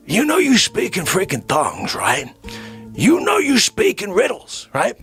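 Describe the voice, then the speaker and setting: Brief: male comic host, animated monologue, slow delivery, very wide pitch swings. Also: faint music behind. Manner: animated, jumps between shouting and whispering. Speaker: comedian host. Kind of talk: comedy monologue.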